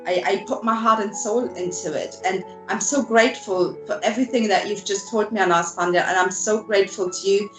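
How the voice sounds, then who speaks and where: A woman's voice: mid-range voice, steady tone, a little fast, hardly any pauses, fairly bright tone, reverberant, faint music behind, rough recording. A woman from Germany, a filmmaker guest in an interview, speaking earnestly and from the heart, often repeating words as she goes. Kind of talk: video interview.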